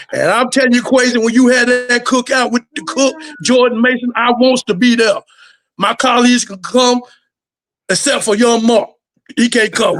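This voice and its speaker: A man's voice: very high-pitched, a bit bright. A man co-hosting a sports podcast, talking casually and playfully ribbing a fellow panelist. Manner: playful trash talk. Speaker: podcast co-host.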